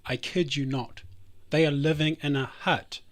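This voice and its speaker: Male stream host, casual chat, rambling, restarts a lot, fairly high pitch. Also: fairly even intonation, measured pace. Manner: rambling, self-interrupting.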